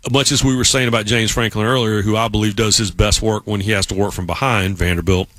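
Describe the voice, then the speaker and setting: Bright-voiced man telling stories. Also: lowish voice, fairly even intonation, fast, no room sound. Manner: storytelling, acts out quoted voices. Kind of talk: casual chat.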